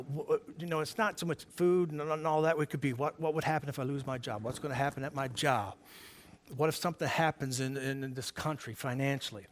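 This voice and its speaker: A man preaching a sermon as pastor in a church service, talking to the congregation in a conversational way and asking them questions. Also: on the high side.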